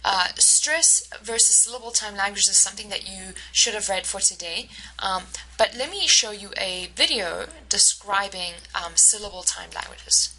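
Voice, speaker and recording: A woman instructor giving a recorded lecture, explaining step by step and often pausing to search for words. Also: medium pitch, bright, forceful tone, slight background noise, rough recording. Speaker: university instructor.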